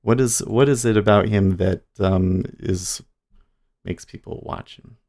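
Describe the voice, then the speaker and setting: A man hosting a day-trading livestream, talking casually in a rambling, halting way with many restarts. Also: on the low side, a little mellow.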